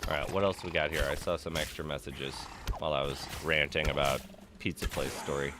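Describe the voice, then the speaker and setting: A man streaming a game, chatting casually and telling stories in an animated, ranting way, swearing freely. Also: a bass voice, brisk, noisy background. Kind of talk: casual live-stream chat while gaming.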